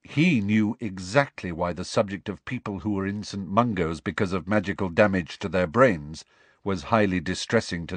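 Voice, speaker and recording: A man narrating a novel aloud with measured, expressive pacing. His voice sits on the low side, and the recording is dry and close with no room sound. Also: dry recording. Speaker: audiobook narrator. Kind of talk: audiobook narration.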